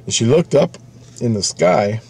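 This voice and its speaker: A man's voice: medium pitch, expressive, a little slow, creaky, darkish tone, husky. A man casually telling a rambling story about a friend, repeating himself and swearing freely. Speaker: vlogger.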